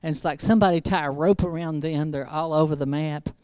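Low-voiced woman preaching a chatty sermon. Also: fairly even intonation, quick pace, dark tone, smooth, no room sound. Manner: chatty and humorous, with wry asides. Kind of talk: conversational sermon.

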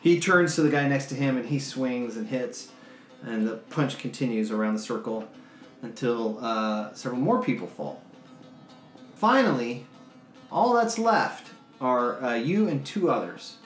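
A man running a tabletop game as game master, describing the scene in a relaxed, loose way and laughing often. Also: mid-range voice, measured pace. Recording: roomy echo, faint music behind.

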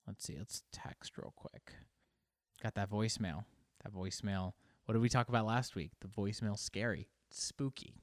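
A man's voice: on the low side, no room sound. Male solo podcast host, rambling and self-mocking, curses often, dry close sound. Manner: rambling, self-deprecating, swears freely. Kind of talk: casual solo podcast monologue.

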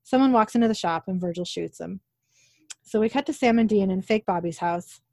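A woman with a medium-pitched, slightly mellow voice casually and quickly recaps a TV episode, reading every character's lines aloud in her own voice. She corrects herself now and then, and there's no echo.

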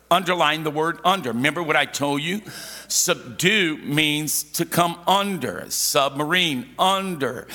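A man's voice: a little high, sharp tone, big-room sound. A male pastor preaching a sermon, emphatic and repetitive, often asking the congregation to respond. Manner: emphatic, repeats key phrases, asks congregation to respond.

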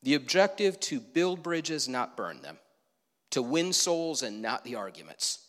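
A man's voice: medium pitch, big pitch swings, unhurried, fairly bright tone, long reverb tail. A man preaching a sermon from the pulpit in a conversational way, asking his listeners questions and adding asides. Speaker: pastor. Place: church sanctuary.

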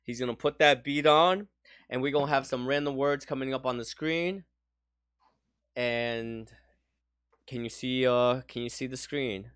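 Male host, mid-pitched, relaxed, dry close sound, trips over words. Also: a little slow, pauses often, smooth, no room sound. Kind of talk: casual hosting, explaining a challenge.

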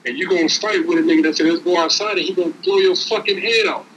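A man's voice: high voice, fast talker, a bit bright, highs cut off, a little hiss or hum. A man giving casual, streetwise motivational talk as a podcast co-host, preaching and repeating words as he builds each point.

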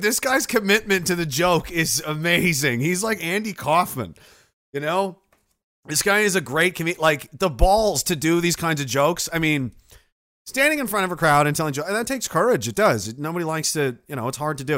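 A man's voice: fairly high pitch, sharp tone, dry recording, clean studio sound. A man streaming casual rambling commentary, sardonic and laughing often as he trails off.

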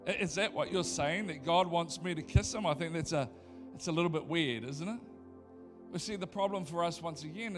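A man preaching a sermon, building from conversational storytelling to excited, repetitive preaching. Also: a little high. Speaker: pastor.

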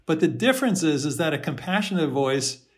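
A gentle, reflective man speaks over a video call and explains his ideas calmly. He laughs softly now and then and sometimes acts out inner voices. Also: on the high side, brisk. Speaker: host and self-compassion teacher.

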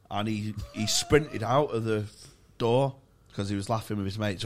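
A man's voice: on the low side, fairly even intonation. Young guy, swears a lot, laughs through his stories, casual podcast chat. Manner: sweary and laughing, rapid bursts. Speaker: podcast co-host. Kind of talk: casual chat, comic storytelling.

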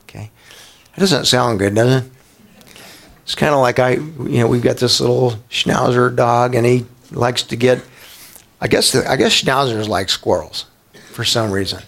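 Male pastor, mid-pitched voice, conversational Bible sermon, lots of questions to the room and restarts. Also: moderate pace, vocal fry, fairly bright tone. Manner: conversational, asks the congregation questions; repeats words as he restarts.

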